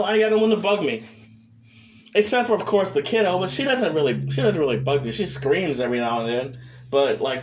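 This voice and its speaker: A young adult man hosting a solo podcast, rambling casually with heavy cursing and many restarts. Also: high-pitched. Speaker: podcast host.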